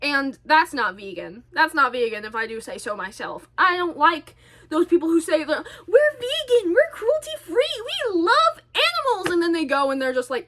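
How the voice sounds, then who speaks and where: A woman vlogger in a casual, rambling monologue, animated and exasperated, full of fillers and tangents. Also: sits high. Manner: chatty, goes off on tangents, many fillers.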